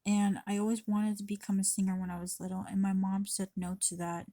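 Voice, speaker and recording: A woman's voice: mid-range voice, monotone, fairly quick, dark tone, no echo. A woman vlogging to her camera in a rambling, confessional way, swearing freely and often restarting her sentences. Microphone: camera mic.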